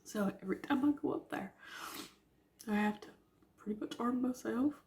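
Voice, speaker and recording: A woman in her forties, an author, telling a personal story in a vlog, teary-eyed and soft-spoken, halting and often sinking to a whisper. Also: a little high, slight background noise. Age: 40s.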